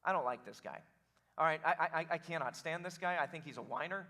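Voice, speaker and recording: A male pastor preaching a sermon in a lively, joking way, calling on the congregation to answer. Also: a little high, brisk. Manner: animated, joking, calls for congregation response.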